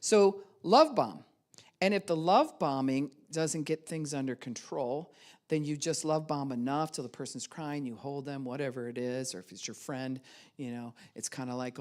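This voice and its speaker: A woman pastor giving a sermon who acts out both sides of arguments in sudden high voices and laughs often as she preaches. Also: normal speed, darkish tone.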